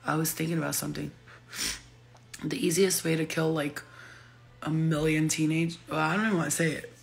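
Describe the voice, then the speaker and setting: A woman's voice: deep voice, fairly even intonation, brisk, gravelly. A middle-aged woman rambling casually and laughing often, full of slang, in a vlog monologue. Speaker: vlogger.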